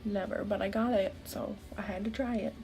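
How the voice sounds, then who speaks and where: Gravelly young woman chatting through makeup. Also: mid-range voice, steady tone, brisk, mellow, soft background music. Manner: chatty, candid, exclaims often. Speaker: beauty vlogger. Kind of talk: casual makeup tutorial chat.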